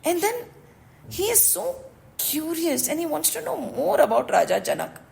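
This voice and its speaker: A woman's voice: high-pitched, moderate pace, gravelly, slight background noise, rough recording. A woman with an Indian English accent teaching and telling a scripture story, mixing in Hindi phrases and often checking with listeners. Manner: expressive storytelling, asks listeners "right?". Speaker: spiritual teacher.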